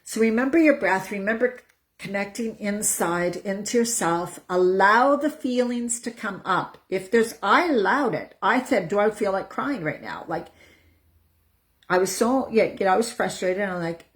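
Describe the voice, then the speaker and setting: A woman's voice: medium pitch, moderate pace. A middle-aged woman coaching viewers in a casual talk to camera, earnest and repetitive, often repeating her phrases for emphasis. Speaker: menopause coach.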